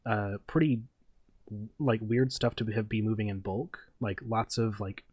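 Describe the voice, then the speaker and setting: A man's voice: lowish voice, fairly even intonation, a little slow, darkish tone, husky, no echo. A man narrating a tabletop game as game master, in a loose, rambling way full of fillers.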